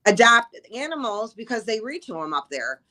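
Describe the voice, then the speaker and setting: A woman's voice: on the high side, big pitch swings, normal speed, pushed and bright. A woman from the shelter staff sharing an adoption story with heartfelt emotion in a casual interview.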